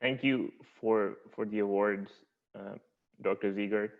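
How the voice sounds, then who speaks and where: A man moderating an online ceremony, speaking haltingly with fillers as he introduces the next part. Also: fairly low pitch, steady tone, gravelly. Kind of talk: formal event moderation. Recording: tinny phone-like line.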